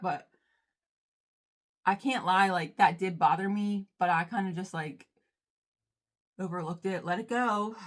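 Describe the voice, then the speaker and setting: A young woman chatting casually through a storytime vlog while getting ready, full of "like" and calling her viewers y'all. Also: on the low side. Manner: chatty, heavy use of "like", addresses viewers as y'all. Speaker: vlogger. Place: indoors at home, getting ready.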